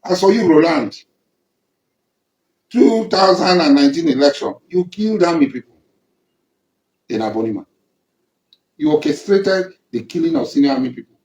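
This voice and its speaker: A man's voice: a little high, animated, normal speed, pauses often, darkish tone, roomy sound, rough recording. A man with a Nigerian accent giving an angry, accusing public statement, confronting someone directly and repeating his points. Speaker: militant leader addressing rivals.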